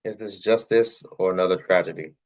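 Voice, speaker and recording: Over background music, a young channel host with a low voice briskly comments on news clips in a casual way. He addresses his audience directly, circles back to the same points, and throws out rhetorical question after question.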